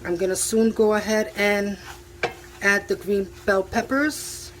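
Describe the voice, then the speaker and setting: A woman's voice: mid-range voice, level tone, measured pace, background noise. A woman casually narrating her home cooking for viewers in a chatty, enthusiastic way, talking from her kitchen stove. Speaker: home cook vlogger. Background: food sizzling in a pan.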